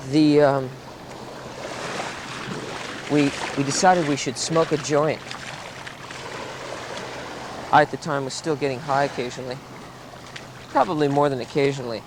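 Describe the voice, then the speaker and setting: A man's voice: medium pitch, normal speed, long pauses. Young guy spinning a story, laughing a lot, hissy 70s tape. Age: 20s. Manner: animated, laughs often, acts out quoted voices. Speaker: interviewee. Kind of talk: casual storytelling. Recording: 1970s tape with background noise.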